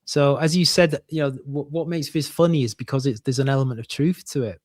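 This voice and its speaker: A man from northern England co-hosting a casual chat over a video call, halting often and laughing a lot. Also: mid-range voice, a little mellow, dry recording, clean studio sound. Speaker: podcast co-host.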